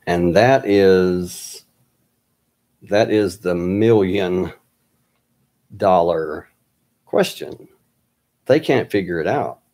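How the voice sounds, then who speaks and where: Slow, low-voiced man telling a story. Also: a little mellow. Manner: halting, with many fillers and restarts.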